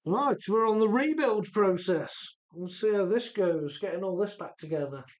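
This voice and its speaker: A man's voice: sits high, lively intonation, normal speed. Man, Midlands-Welsh accent, live-stream host, chatty, reads comments aloud. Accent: mix of English Midlands and Welsh. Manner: chatty, reads viewer comments aloud while rebuilding an RC car. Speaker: livestream host. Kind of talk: casual live-stream chat.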